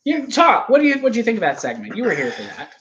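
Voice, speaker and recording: A man's voice: high voice, wildly swooping pitch, fast talker, fairly bright tone, dull audio. A man hosting a wrestling review show, rambling and teasing his co-host in casual chat.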